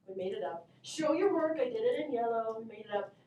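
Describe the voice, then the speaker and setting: A woman's voice: on the high side, animated, a little fast, muffled recording. A woman math teacher teaching her class, upbeat and encouraging, calling on students by name. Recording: echoey classroom from far off.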